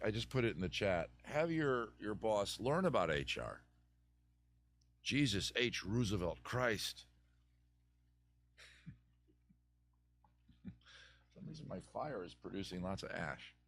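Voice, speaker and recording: A man's voice: on the low side, big pitch swings, slow, pauses often, fairly bright tone. A man hosting a live advice stream, rambling through chat questions with jokey, digressive mock advice. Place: home room with a fire.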